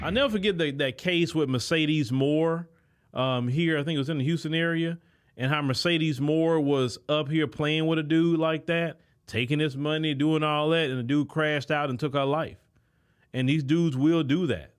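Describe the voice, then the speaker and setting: A man's voice: on the high side, moderate pace, clean tone. A man hosting his own show, giving an emphatic, lecturing commentary with frequent stalling fillers. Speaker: host. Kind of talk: commentary monologue.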